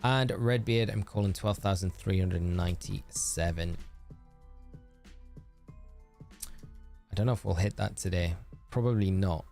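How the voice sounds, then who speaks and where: A man's voice: low-pitched, unhurried, creaky, long pauses, a little mellow, faint music behind. A man streaming a game live, chatting casually and reading viewer messages aloud as he answers them.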